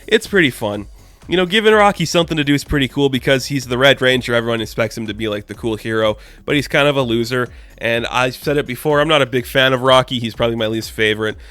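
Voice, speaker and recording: A man's voice: mid-range voice, quick pace, fairly bright tone, no echo. Chatty man reviewing comics, dry sound. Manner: chatty, loose, full of "like" and "you know". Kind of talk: casual review commentary.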